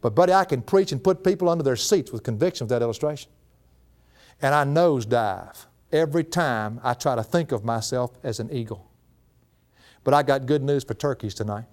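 A middle-aged man preaching a sermon as a pastor, folksy and animated, laughing often. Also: medium pitch, brisk.

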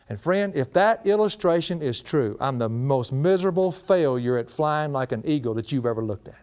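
A middle-aged pastor preaches in a folksy, animated way. His voice sits fairly high for a man and swings up and down as he builds his points. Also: normal speed, hardly any pauses. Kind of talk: sermon.

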